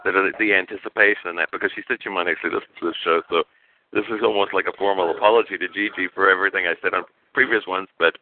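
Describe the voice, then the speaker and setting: Low-pitched male co-host, halting and self-correcting; dry tinny phone line. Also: fairly even intonation, a little hiss or hum. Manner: halting, stumbles and repeats words. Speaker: podcast co-host. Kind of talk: casual chat.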